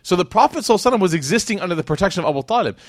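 A man teaching a casual, storytelling religious lesson, animated and joking with his audience, with short stretches of Arabic recitation. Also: high voice, racing, no room sound, studio quality. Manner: animated, conversational, jokes with the audience. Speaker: Islamic teacher.

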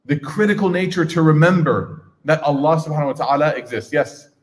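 A man's voice: fairly high pitch, brisk. Man, teacher, engaging, questions the audience, live class, reverberant hall.

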